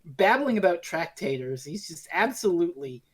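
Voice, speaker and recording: A woman's voice: lowish voice, very animated, moderate pace, breathy edge. A woman co-hosting a podcast in casual chat, blunt and swearing freely as she recaps. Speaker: podcast co-host.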